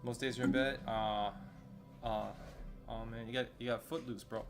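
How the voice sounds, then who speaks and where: A man's voice: mid-range voice, flat delivery, moderate pace. A man streaming a video game, chatting in a loose, rambling way full of fillers and casual slang. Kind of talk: casual chat while streaming gameplay. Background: faint background music.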